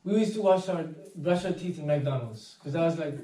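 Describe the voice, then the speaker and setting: A man's voice: a little high, a little fast, far from the mic. Man telling a story in an echoey hall. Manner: anecdotal, animated, acts out quoted voices. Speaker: speaker. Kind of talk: inspirational talk. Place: meditation centre hall.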